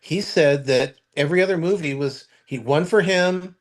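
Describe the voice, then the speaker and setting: A man in casual podcast chat, rattling off cast and crew trivia. His voice is a touch high for a man, and he stumbles and restarts often as he thinks aloud. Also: moderate pace. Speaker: podcast co-host. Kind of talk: casual chat about movies.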